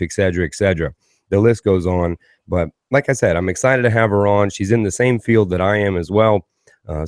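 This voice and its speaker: A man's voice: deep voice, darkish tone, dry recording, studio quality. A man hosting a podcast, chatting in a rambling, self-mocking, caffeinated way. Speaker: podcast host. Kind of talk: casual podcast intro and chat.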